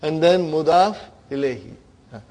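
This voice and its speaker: A man's voice: fairly high pitch, lively intonation, moderate pace, darkish tone. A man teaching Arabic grammar to a class, patiently checking understanding and addressing students as brothers and sisters. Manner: patient, checks understanding with frequent "okay?" and "huh?".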